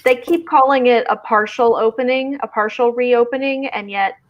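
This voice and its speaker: A woman's voice: fairly high pitch, normal speed, muffled recording. A woman from Southern Indiana with a Midwestern twang, hosting a casual live stream and chatting while reading viewer comments aloud. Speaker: host of a writing stream.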